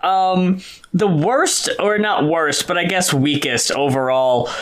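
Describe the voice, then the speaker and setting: A man's voice: on the high side, slow pace. A man co-hosting a podcast, casually reviewing an album and reading from his notes with chuckles. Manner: relaxed, reads from notes, chuckles. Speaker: podcast co-host.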